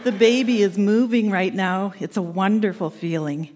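A woman's voice: medium pitch, normal speed, a little mellow, slight background noise. An older woman reading her old letters aloud to an audience, sweet and earnest with a teasing edge.

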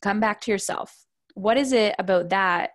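A woman's voice: medium pitch, moderate pace. A woman in her thirties, a parenting coach, talking casually in a podcast interview and acting out quoted voices as she tells stories.

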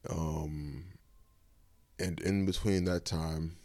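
A man's voice: extremely low pitch, fairly even intonation, extremely slow, a little mellow, no echo. A man hosting his own podcast, casually retelling a personal story in a loose, rambling way with lots of fillers. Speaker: podcast host.

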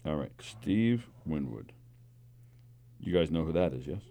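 A man's voice: rumbling low, animated, a little slow, creaky, warm tone. A man hosting a comedy radio show, upbeat as he runs the segment and reads listener texts. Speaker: radio host.

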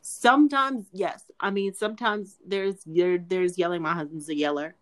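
A woman's voice: on the low side, steady tone, moderate pace. A young adult woman co-hosting a podcast in casual chat, talking earnestly and repeating her pleas. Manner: earnest, pleading, repeats herself. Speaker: podcast co-host.

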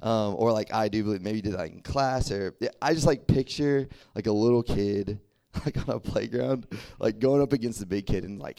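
A young man giving a casual, chatty sermon, full of fillers and quick asides to his listeners. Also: mid-range voice. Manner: chatty and animated, full of "like" and "okay?". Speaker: preacher. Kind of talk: casual sermon to a youth group.

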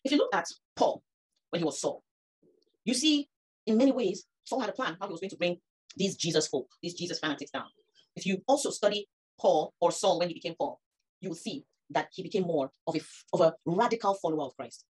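A woman's voice: fairly low pitch, a little fast, slightly rough. A woman, preaching a sermon that rises to emphatic peaks. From Nigeria. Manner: animated, rising to emphatic peaks.

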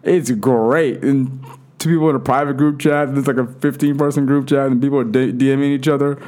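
A relaxed man chatting as a podcast guest. He rambles in a loose, slangy way, circles back to repeat his own lines, and laughs easily along the way. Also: mid-range voice, fairly quick. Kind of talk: casual chat.

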